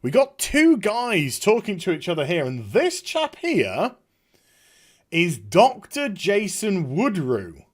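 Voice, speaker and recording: Sarcastic man with lively pitch. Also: slow pace. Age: middle-aged. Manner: sarcastic, mocking, chuckling asides. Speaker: YouTube commentator. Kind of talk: casual trailer reaction commentary.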